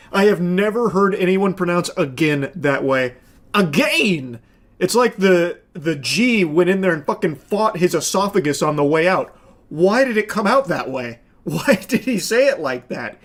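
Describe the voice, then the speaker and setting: Man, reaction commentator, sarcastic profane rant, higher pitch.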